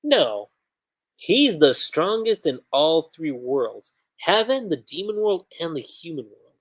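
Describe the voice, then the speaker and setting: A man's voice: on the high side, sing-song, takes it slowly, full character voice. A man reading as a devout demon villager. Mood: earnest. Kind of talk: reading comic dialogue aloud on a livestream.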